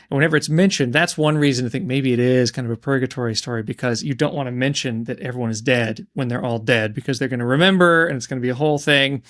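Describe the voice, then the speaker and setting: A man co-hosting a book podcast, talking through a story in a thoughtful way and sometimes searching for words. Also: mid-range voice. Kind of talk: casual book discussion.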